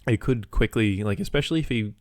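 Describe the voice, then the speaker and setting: A man's voice: on the low side, lively intonation, quick pace, a little mellow, dry recording, studio quality. A young Australian man hosting a solo podcast, rambling casually and swearing freely. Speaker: podcast host.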